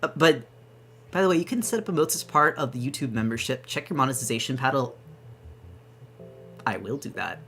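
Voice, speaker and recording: Bubbly young woman streaming with animated pitch. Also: brisk, pauses often, soft background music. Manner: bubbly, gushing, rambling with restarts. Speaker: VTuber streamer. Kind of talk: excited casual live-stream chat.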